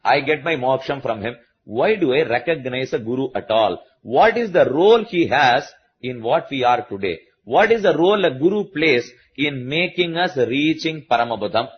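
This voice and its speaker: A man with an Indian English accent giving a slow, patient religious discourse to a listening audience, repeating key points as he explains. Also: medium pitch, animated, slightly rough, muffled recording. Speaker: spiritual teacher.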